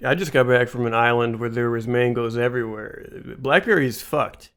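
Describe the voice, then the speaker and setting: A man's voice: medium pitch, moderate pace, fairly bright tone, smooth. Man with blunt, dry comebacks. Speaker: podcast co-host. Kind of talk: comedic podcast banter.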